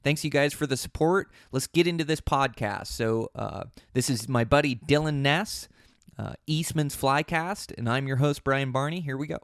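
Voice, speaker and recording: A man's voice: mid-range voice, moderate pace, no room sound, clean studio sound. A man hosting a podcast, talking in an easygoing, rambling way with many fillers and restarts. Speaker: podcast host. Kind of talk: casual podcast intro.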